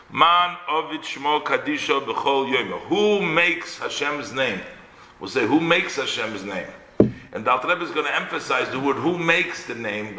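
A man's voice: medium pitch, pushed and bright. A man teaching a religious text line by line, reading each phrase in Hebrew and then explaining it in English, often restarting his sentences. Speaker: Torah teacher. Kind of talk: line-by-line text study lecture. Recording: roomy echo.

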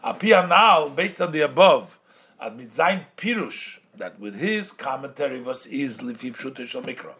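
Expressive and a bit bright, this man's mid-range voice moves at a normal pace as he leads a Talmudic-style study of a Torah text. His method is to translate a phrase and then restate it, speaking English laced with Yiddish and Hebrew in a sing-song rhythm.

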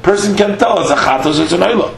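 A man's voice: high voice, expressive, gravelly. A man giving a Talmud lesson, reading each line aloud, then explaining it in English with frequent "uh" fillers. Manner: reads Aramaic lines then explains, with halting fillers. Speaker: Talmud teacher. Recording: echoey room with faint hum.

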